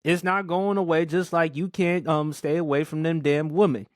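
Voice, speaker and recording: A man's voice: fairly high pitch, steady tone, moderate pace, no echo, clean studio sound. A man co-hosting a sports podcast, teasing and insistent, cursing casually.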